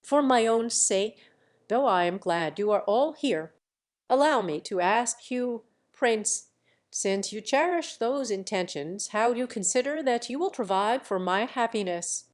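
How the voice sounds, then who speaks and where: A woman's voice: a little high, animated, unhurried. A woman voicing a proud young woman who speaks in a composed, coolly businesslike way.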